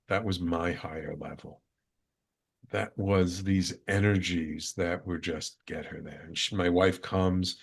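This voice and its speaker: A male radio host telling a personal spiritual story in an earnest, reflective way, repeating phrases for emphasis. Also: low-pitched.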